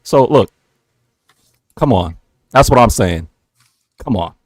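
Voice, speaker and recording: A man, co-hosting a live chat stream, talking in an animated, slangy, emphatic way. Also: medium pitch, slow pace, dry recording. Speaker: livestream co-host. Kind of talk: casual chat.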